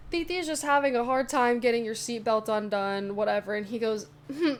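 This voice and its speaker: A young adult woman casually chatting to her viewers, telling a funny story with lively asides. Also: on the high side, moderate pace, long pauses. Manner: chatty, animated retelling with asides. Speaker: vlogger.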